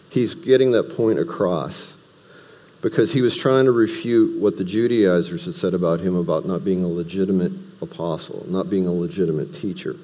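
Deep-voiced man teaching scripture in a hall. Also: expressive, moderate pace, warm tone. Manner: conversational, explains verse by verse with restarts and asides. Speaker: Bible teacher. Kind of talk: teaching a Bible study.

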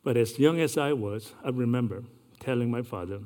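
A man, earnestly recounting a personal story in a measured way, with occasional restarts. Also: mid-range voice, darkish tone.

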